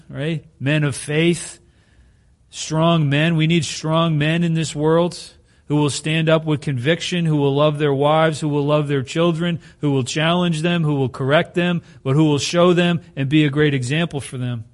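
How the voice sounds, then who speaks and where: Conversational male pastor preaching. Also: fairly high pitch. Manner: conversational, asks the congregation rhetorical questions. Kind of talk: sermon.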